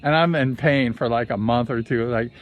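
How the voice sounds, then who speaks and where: A man's voice: medium pitch, normal speed, lo-fi sound. A man and former motorcycle racer telling a story in a rambling, conversational way, sometimes correcting himself. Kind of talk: casual storytelling vlog.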